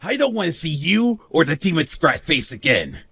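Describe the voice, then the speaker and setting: Brief: male voice as a cruel sneering husband, shouty and taunting, lively bright delivery. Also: a little high, normal speed, slightly rough, full character voice. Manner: sneering, mocking laughs, shouts. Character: smug cruel young husband, mocking and bossy. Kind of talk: animated story narration.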